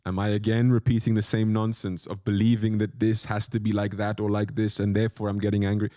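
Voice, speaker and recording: A man's voice: on the low side, little pitch movement, a little fast, warm tone, no room sound, studio quality. A man, a monk, giving a spiritual lecture with playful, self-mocking asides and short phrases repeated for emphasis. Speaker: monk teacher.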